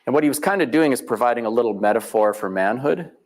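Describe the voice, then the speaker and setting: A middle-aged man speaks as a guest at a live event venue, giving a storytelling lecture in a folksy style and acting out the people he quotes. His mid-range voice moves fast with lively intonation.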